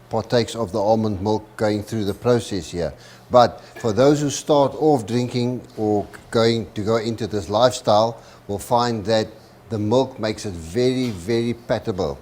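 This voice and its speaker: A man's voice: lowish voice, normal speed, a little mellow. A man from South Africa with a South African accent, explaining step by step as a guest on a cooking demonstration. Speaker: guest cook.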